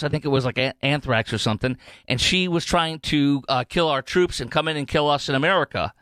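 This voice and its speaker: A man's voice: on the high side, fast talker, fairly bright tone, no echo. A man hosting a political talk radio show, rambling animatedly with many fillers and restarts.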